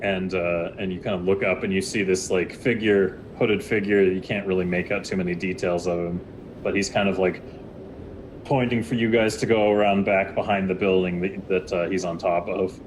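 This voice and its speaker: A man's voice: deep voice, fairly even intonation, moderate pace, slight background noise. A man narrating a tabletop game as game master, telling the scene loosely and rambling over voice chat.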